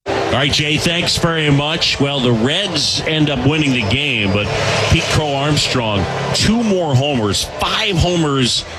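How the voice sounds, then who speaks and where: A male baseball broadcaster talks in a relaxed, conversational way from the booth. His voice is fairly high and lively, with loud ballpark noise all around. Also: takes it slowly. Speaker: game broadcast crew member. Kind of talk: casual broadcast chat.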